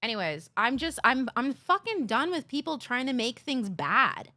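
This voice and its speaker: A woman's voice: on the high side, sing-song, normal speed, pushed and bright. A woman live streamer talking casually with her chat, ranting with sarcasm and swearing.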